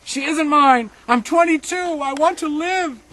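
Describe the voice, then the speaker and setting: A man playing a desperate young woman who shouts and pleads while reading a testimony aloud. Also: high voice, a little slow, a little hiss or hum, pitched above the performer's own voice. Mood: frantic.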